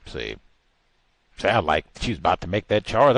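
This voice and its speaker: A man hosting a talk show, giving casual, exasperated commentary that swings from low mutters to incredulous high outbursts. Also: sing-song, moderate pace, gravelly, pauses often, a bit bright, no room sound.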